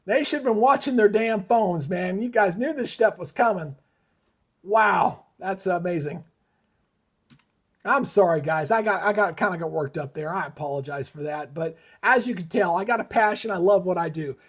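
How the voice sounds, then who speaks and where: This weather livestream host is a middle-aged Georgia man whose husky voice sits high and moves at a moderate pace. He rants heatedly through casual commentary, swearing often.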